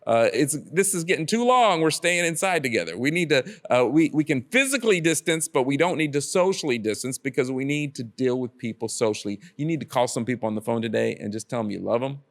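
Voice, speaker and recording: A man's voice: mid-range voice, animated, fast, few pauses. A man preaching a casual devotional sermon, earnest and repeating his exhortations to the listener.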